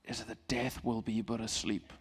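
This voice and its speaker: A middle-aged male pastor giving a sermon in a church, in a calm, gentle, conversational way. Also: lowish voice, normal speed, breathy edge.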